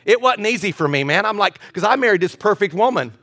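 A middle-aged man, a pastor, preaching with humor, swinging between loud outbursts and quiet moments. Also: high-pitched, lively intonation, quick pace, no room sound. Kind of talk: sermon.

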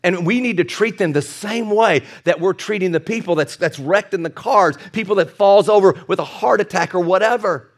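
A middle-aged man preaching to his congregation in a high, bright register. He circles back on his phrases and pushes them up to emphatic peaks, with the odd chuckle at his own asides. His delivery is earnest and direct. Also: normal speed, few pauses. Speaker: pastor. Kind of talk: sermon.

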